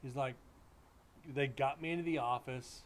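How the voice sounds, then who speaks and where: A man hosts a livestream of casual storytelling, delivered loosely with blunt humor. His mid-range voice keeps a moderate pace, picked up by a streaming setup mic with slight background noise.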